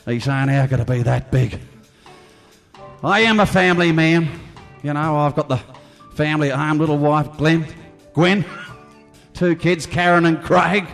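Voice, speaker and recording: A man's voice: on the high side, measured pace, gravelly. A man doing a stage impression of a crude, half-drunk middle-aged Australian bloke who brags and croons a song, with a leering, blokey manner. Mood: boastful, leering. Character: crude boozy middle-aged Aussie bloke, bragging lounge singer. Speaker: comedy impressionist. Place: live stage venue. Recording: echoey hall with band music.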